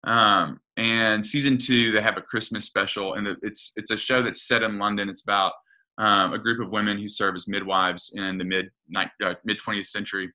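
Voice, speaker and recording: A man's voice: lowish voice, level tone, normal speed, bright, forceful tone. A man giving a conversational sermon, earnest and retelling a story with frequent restarts and hesitations. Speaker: preacher.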